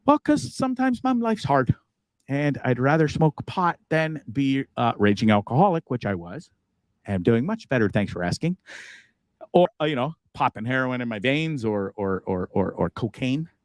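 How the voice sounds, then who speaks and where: A man's voice: medium pitch, expressive, moderate pace, dry recording. A man hosting a casual livestream from a bus, rambling, swearing and laughing at himself. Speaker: host.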